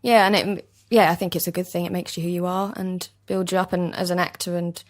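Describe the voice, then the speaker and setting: A woman's voice: lowish voice, level tone. A young woman from East London with an East London accent, a chatty and agreeable actor guest talking in an interview. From East London, England. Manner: chatty, agreeable, quick to laugh. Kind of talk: casual interview chat. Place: basement recording studio.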